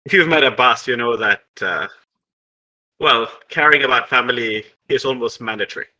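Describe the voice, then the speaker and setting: A man voicing a calm older man devoted to his family, in a tabletop role-play. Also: medium pitch, normal speed, low-quality recording.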